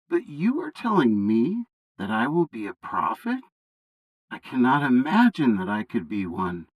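A man's voice: mid-range voice, no echo, muffled recording. A man voicing a timid young boy prophet who doubts himself, in a bible story reading, asking anxious, pleading questions.

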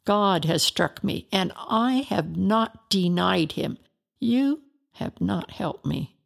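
A woman's voice: medium pitch, lively intonation, takes it slowly, gravelly, full character voice. A woman voicing a grieving, ruined man in a storybook reading, anguished and pleading as he questions God.

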